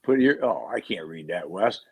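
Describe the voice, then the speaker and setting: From a hotel room, a man hosts a live online talk show, upbeat and joking as he talks over tech trouble. His low voice is creaky and darkish with a breathy edge, lively in intonation and delivered at normal speed.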